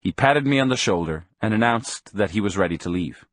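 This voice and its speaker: Measured male audiobook narrator. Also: fairly low pitch. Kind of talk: scripted narration.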